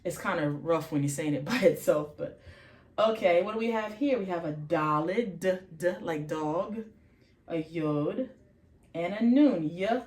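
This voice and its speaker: A woman with a lowish voice walks through pronunciation at an unhurried pace. She sounds out each letter and repeats words again and again. The room gives her voice a noticeable echo. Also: darkish tone. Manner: slow, repeats sounds many times, self-correcting. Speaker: faith channel host teaching vocabulary. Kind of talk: informal language lesson.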